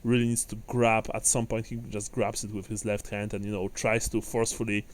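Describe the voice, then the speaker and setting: A man narrating a tabletop role-playing game as game master, unhurried and descriptive, with everyday fillers. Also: lowish voice, little pitch movement, slight background noise.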